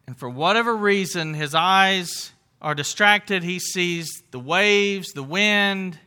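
A man's voice: high-pitched, sharp tone. A middle-aged man preaching a sermon in an earnest, conversational way, with asides and restarts as he works through the story.

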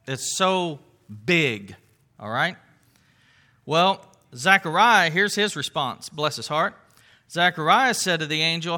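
High, very bright-voiced male Bible teacher. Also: expressive, slow. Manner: earnest, with frequent fillers and restarts, emphatic exclamations.

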